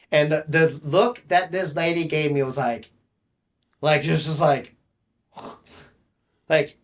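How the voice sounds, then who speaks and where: A man's voice: fairly high pitch, a little slow, fairly bright tone. A young man co-hosting a podcast, telling rambling stories in casual chat and laughing mid-sentence. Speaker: podcast co-host.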